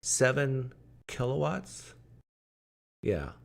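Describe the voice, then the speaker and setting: A man's voice: medium pitch, big pitch swings, drawn-out words, vocal fry. A man hosting a livestream from home, chatting casually and answering viewers' comments aloud. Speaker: livestream host. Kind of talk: casual live chat with viewers.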